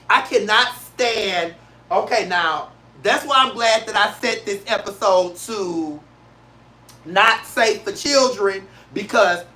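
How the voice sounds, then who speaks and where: A man's voice: high-pitched, sharp tone. Blunt, emphatic man ranting. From St. Louis, Missouri, USA. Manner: emphatic, repetitive, blunt and profane. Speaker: show host. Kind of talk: casual solo talk-show rant.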